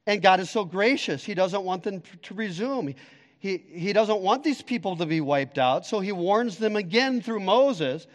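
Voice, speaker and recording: A man preaching a sermon as pastor, emphatic, swinging between loud declarations and hushed, quiet stretches. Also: high voice, animated, normal speed, long reverb tail.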